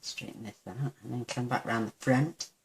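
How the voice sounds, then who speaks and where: At her desk, a woman with an extremely low voice leads a casual papercraft tutorial at a moderate pace, a little hiss or hum in the background. She talks as she crafts, gushing at each cute result and being self-deprecating.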